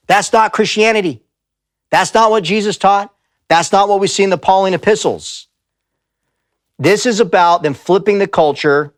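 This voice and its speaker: A man's voice: sits high, dry recording, clean studio sound. A man giving a live talk in a church, speaking emphatically and telling stories with quoted voices. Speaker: pastor and speaker. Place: church sanctuary.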